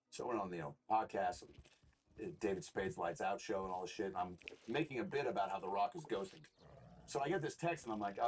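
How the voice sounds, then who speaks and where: A man's voice: lowish voice, slight background noise. A man, a comedian and actor, telling rambling, profane stories as an interview guest. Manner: rambling, profane, animated storyteller. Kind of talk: casual interview storytelling.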